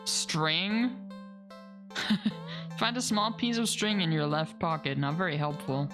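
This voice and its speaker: A woman plays a story game on stream, reading each line of narration aloud before reacting with laughter and casual curses. Her voice sits a little low and her pace is unhurried. Soft game music plays faintly behind her. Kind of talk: let's play commentary, reading game text aloud.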